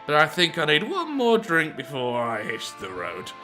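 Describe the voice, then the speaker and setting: A jolly drunk who hangs around a game tavern, loud and slurring, as a man puts him on. His voice sits high and bright and jumps about wildly. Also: huge pitch swings, moderate pace, soft background music, heavily acted. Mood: boisterous.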